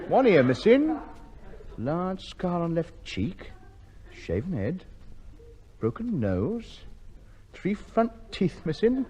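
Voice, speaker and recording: An actor playing a pompous, blundering comic lead in a 1950s radio comedy, blustering and stammering when flustered. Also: male voice, fairly high pitch, dark tone, heavily acted. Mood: mock-suspicious. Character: pompous, bumbling, cowardly male car owner. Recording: old radio broadcast with music.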